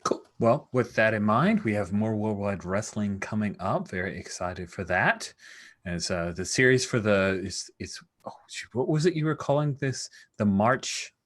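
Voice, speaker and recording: A man's voice: on the low side, lively intonation, normal speed, fairly bright tone. A man chatting enthusiastically after a tabletop game, rambling and restarting his sentences. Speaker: streamer and player. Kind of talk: post-game wrap-up chat.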